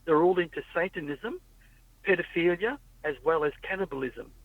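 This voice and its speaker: A man chats casually in a car, rambling from story to story. His voice sits a little high. The sound is thin and phone-like, with no room echo. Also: moderate pace. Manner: rambling storyteller, acts out quoted people. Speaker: podcast host. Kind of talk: casual chat. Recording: tinny phone-like audio, dry.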